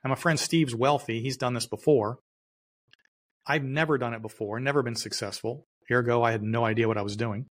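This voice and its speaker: A man's voice: mid-range voice, fairly even intonation, brisk. A middle-aged man, a guest entrepreneur, telling his life story in an emphatic way and repeating key phrases. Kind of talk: storytelling interview answer.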